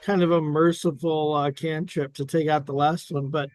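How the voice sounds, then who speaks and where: A man playing in a tabletop game, relaxed and a bit hesitant as he talks. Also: on the high side, normal speed, soft background music. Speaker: player.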